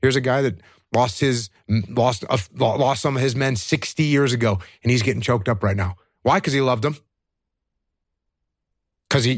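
A man's voice: mid-range voice, no echo, studio quality. Man giving blunt, repetitive pep talk. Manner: emphatic, asks and answers his own questions, repeats key phrases. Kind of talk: earnest conversational advice.

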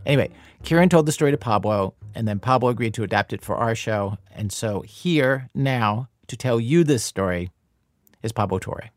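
A man's voice: mid-range voice, expressive, moderate pace, dry recording. A man hosting a public radio story program, in scripted narration with a conversational, dry delivery. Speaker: radio show host.

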